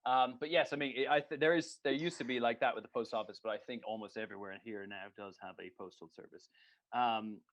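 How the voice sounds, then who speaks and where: A man's voice: medium pitch, steady tone, quick pace, fairly bright tone. A man co-hosting a casual podcast chat, telling stories in a ranting, sweary way and laughing at himself. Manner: ranting, sweary, laughing at his own story. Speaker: podcast co-host. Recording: dull lo-fi podcast audio.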